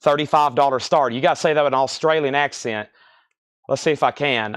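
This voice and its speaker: A man running a live online record sale, calling out bids, buyers and prices in a rapid, repetitive patter. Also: medium pitch, a bit bright, no echo, clean studio sound. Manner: rapid-fire, repetitive calls of sales and prices. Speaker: live-stream record seller.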